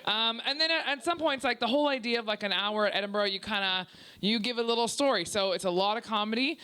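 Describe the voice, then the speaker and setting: A brash young woman with a Canadian accent doing stand-up in a small club. Her voice is bright and punchy, and she delivers crude jokes loudly while ribbing the audience. The set sounds loose and unpolished, like a work-in-progress preview. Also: fairly high pitch, fast talker, clear, resonant tone. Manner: loud, brash and profane, teasing the crowd. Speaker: stand-up comedian. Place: small comedy club before a live audience.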